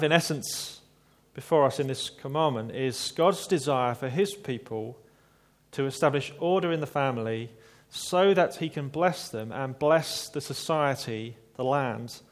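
Man preaching a measured sermon. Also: medium pitch. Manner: measured, reflective preaching with asides.

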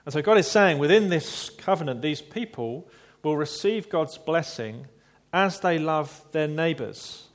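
A man preaching a sermon in a measured, reflective way, with small asides to his listeners. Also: on the high side, lively intonation.

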